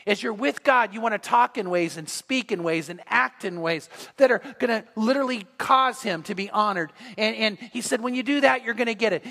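A man preaching a sermon as pastor, animated and acting out the voices he quotes. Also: high voice, a little fast, hardly any pauses, big-room sound.

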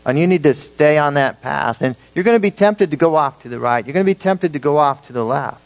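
A man preaching a sermon, his voice sitting a little higher than most men's. He is emphatic, pushing some lines out loud and dropping others to a hushed, slow emphasis. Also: expressive, low-quality recording. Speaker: pastor.

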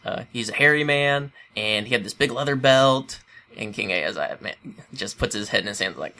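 A man with a low, bright, crisp voice retells stories in a loose, chatty way. He laughs easily and jumps into lively storytelling. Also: moderate pace. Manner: animated, laughing storyteller who acts out quotes. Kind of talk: casual chat retelling stories.

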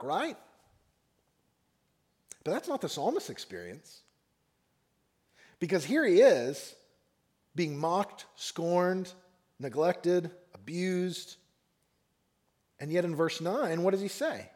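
A man preaching a sermon on a psalm, speaking expressively and acting out the mockers and the psalmist in raised voices. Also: on the high side. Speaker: pastor.

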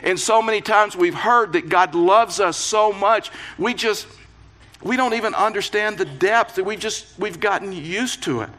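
A man preaches to his congregation, reading scripture aloud and then unpacking it with earnest, building emphasis. His voice is fairly high and forcefully bright, and he breaks in with light joking asides between the serious points. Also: normal speed. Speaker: pastor. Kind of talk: sermon.

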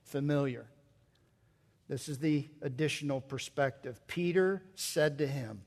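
A man's voice: medium pitch, measured pace, creaky, a little mellow, in a large hall. A man preaching a sermon, reading scripture and explaining its grammar, building to emphatic peaks. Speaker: pastor.

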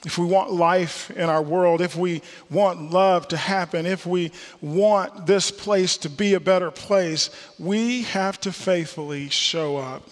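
A man's voice: high-pitched, slow pace, few pauses, big-room sound. A middle-aged man, a former football player, preaching a sermon and telling a personal story, earnest and repeating key phrases for emphasis.

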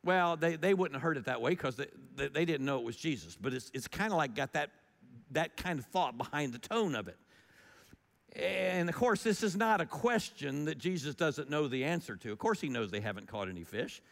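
A man's voice: on the high side, brisk, creaky, long reverb tail. A man preaching a sermon in a conversational, storytelling way, his volume rising and falling as he goes. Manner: conversational, animated storytelling with shifts in loudness. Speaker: pastor.

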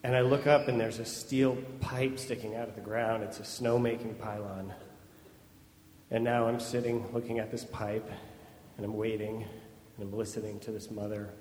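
A man telling a personal story to an audience, lively and laughing often as he piles on vivid detail. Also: fairly low pitch, moderate pace, a little hiss or hum. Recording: echoey hall playback with faint ambience.

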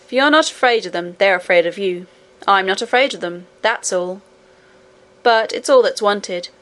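A woman's voice: mid-range voice, normal speed, fairly bright tone, lightly acted. A woman voicing a brave, cheerful twelve-year-old miner boy who speaks confidently and matter-of-factly in an audiobook. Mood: earnest. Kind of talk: audiobook character reading.

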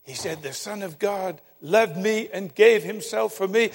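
A man preaching a sermon, telling stories with dramatic emphasis and long pauses. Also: high voice, creaky. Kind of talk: sermon with storytelling. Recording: long hall reverb.

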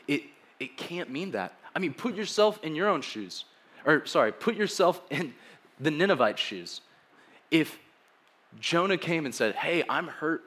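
A man's voice: a little high, animated, moderate pace, fairly bright tone. Casual young man preaching a sermon. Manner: casual, joking, acts out quoted dialogue.

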